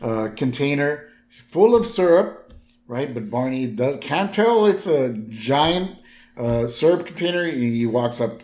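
A man co-hosting a podcast, casually recapping a cartoon episode in a relaxed storytelling way. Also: mid-range voice, a little slow. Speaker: podcast co-host. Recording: roomy echo.

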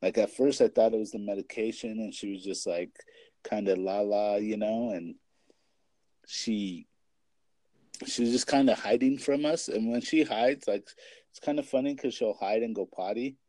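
A young man chats casually in a low, mellow voice, full of filler words and the odd curse. The sound is dry and close, with no room around it. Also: moderate pace, dry recording. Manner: rambling, heavy filler words and swearing. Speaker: parent and kids' basketball coach. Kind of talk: casual chat.

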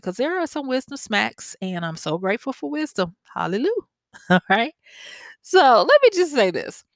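Southern lady doing her podcast, chatty and storytelling, mid pitch, dry close sound. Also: dry recording. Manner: animated storytelling, chatty asides with laughs. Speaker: podcast host. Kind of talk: reflective solo podcast talk.

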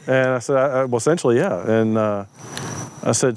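A man's voice: medium pitch, brisk, a little mellow, slight background noise. A man, perhaps a pastor, casually telling a story about faith, acting out the lines of people he met, with plenty of ums and uhs. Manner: anecdotal, acts out quoted dialogue, frequent fillers. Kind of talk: conversational storytelling talk.

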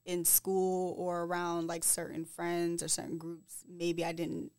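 A woman co-hosting a casual podcast chat, answering thoughtfully with measured, hesitant restarts. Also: lowish voice, completely flat delivery, darkish tone, no room sound, clean studio sound. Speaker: podcast co-host.

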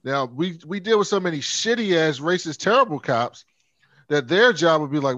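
A man's voice: a little high, lively intonation, normal speed, fairly bright tone, no echo. Blunt man on a dull, dry mic. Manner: blunt, argumentative. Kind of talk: casual argumentative chat.

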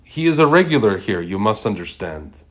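A man's voice: fairly low pitch, big pitch swings, moderate pace. Man doing a polite college barista with a thick accent. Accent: thick foreign accent. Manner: courteous, deferential. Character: young male college student barista, polite.

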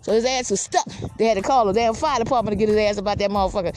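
A woman's voice: medium pitch, very fast, a little mellow, slight background noise. A woman telling a rambling comic story, cussing and tagging lines with filler questions.

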